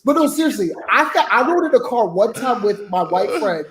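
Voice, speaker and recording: A man's voice: high-pitched, very animated, a little fast, a bit bright, roomy sound. A man, a co-host and pastor, chatting casually in a playful, jokey way. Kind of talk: casual joking chat.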